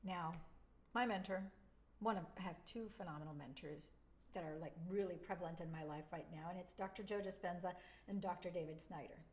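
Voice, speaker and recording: A woman's voice: fairly low pitch, a little fast. A woman hosting a spiritual video, speaking casually and emotionally straight to the camera, chatty and blunt.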